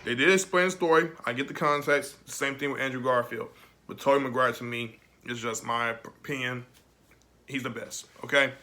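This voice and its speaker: A man's voice: mid-range voice, fairly even intonation, moderate pace, pushed and bright. A young man giving a casual, rambling film review, emotional and laughing often.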